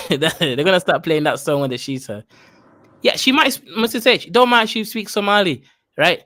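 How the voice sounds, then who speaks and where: A man's voice: a little high, animated, normal speed, bright, forceful tone, dry recording. A man from Kenya hosting a casual chat, giving advice and often saying "right?". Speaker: host.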